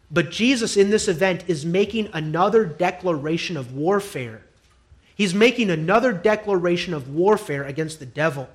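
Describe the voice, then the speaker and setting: Emphatic preacher man, high voice. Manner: emphatic, swings from hushed to loud; repeats phrases for emphasis. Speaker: pastor. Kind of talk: sermon.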